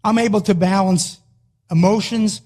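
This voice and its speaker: Punchy high-voiced Philly coach. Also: male voice, steady tone, moderate pace, mellow. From Philadelphia, US. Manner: emphatic, punchy, repeats short phrases. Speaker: wrestling coach. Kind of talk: motivational speech.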